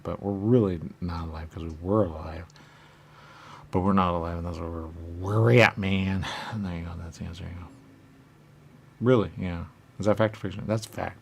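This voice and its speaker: A low male voice with vocal fry carries this radio host's silly, wandering comic monologue. Asking his own questions and answering them, he goes around in repetitive loops, and there's slight background noise.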